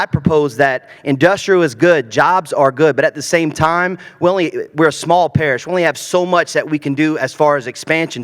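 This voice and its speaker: A man's voice: on the high side, fairly bright tone. A man from Louisiana, his Cajun accent mostly faded, speaking casually at a candidate forum with many fillers and restarts. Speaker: council candidate. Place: large hall, public forum. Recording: long hall reverb.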